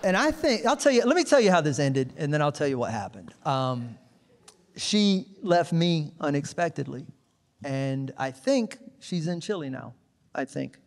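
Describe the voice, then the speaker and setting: A man doing a stand-up comedy set, telling stories with acted-out quotes and sudden shouted punchlines. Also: fairly high pitch, very animated, moderate pace. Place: comedy club stage. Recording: live in a large reverberant venue.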